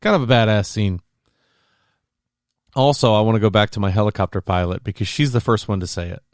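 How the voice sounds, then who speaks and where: Animated storytelling man, smooth dry voice. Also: fairly low pitch, fairly quick, no room sound. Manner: animated storyteller, acts out scenes. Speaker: podcast co-host. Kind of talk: casual chat.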